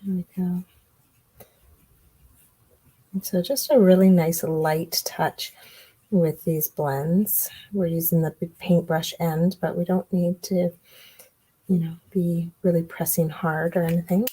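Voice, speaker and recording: A woman giving a relaxed card-making tutorial, chatting and thinking aloud as she works. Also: lowish voice, measured pace, breathy edge, low-quality recording. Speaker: craft demonstrator.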